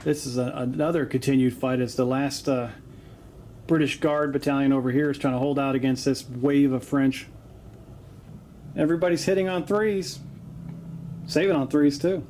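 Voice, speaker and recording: In a home basement, a man hosts a tabletop wargame battle report, calling out dice rolls in a chatty, jokey way full of "uh" fillers. His mid-range voice is steady and a little mellow, moving at a moderate pace with frequent pauses. There's slight background noise behind this casual commentary.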